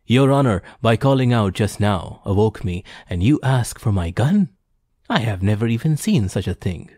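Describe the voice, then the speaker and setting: A man's voice: on the low side, animated, normal speed, darkish tone, no room sound, studio quality. A man voicing a humble, wily poacher who pleads earnestly with the hunter. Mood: protesting innocence.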